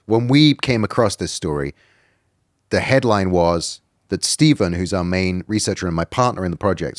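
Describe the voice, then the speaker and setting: A middle-aged British documentary filmmaker, a guest in a casual podcast chat, telling a long story with rambling restarts. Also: male voice, sits low, no room sound, studio quality. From Britain.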